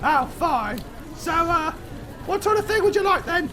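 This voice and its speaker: A man voicing an impatient, brusque barmaid who scolds customers in a rushed, shrill voice. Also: expressive, a crowd in the background, background noise. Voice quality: shrill, scolding, talks in a rush.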